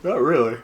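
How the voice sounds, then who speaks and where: Slow, lively-pitched laughing gamer guy. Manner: laughs often, joking. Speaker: let's play co-host. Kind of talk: casual gaming commentary.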